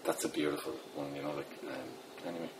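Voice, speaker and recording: Middle-aged Dublin poet, very low voice, casual and self-deprecating, noisy background. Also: male voice, steady tone, brisk. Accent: Dublin Irish. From Ireland. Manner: rambling, self-deprecating, many fillers. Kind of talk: casual interview talk.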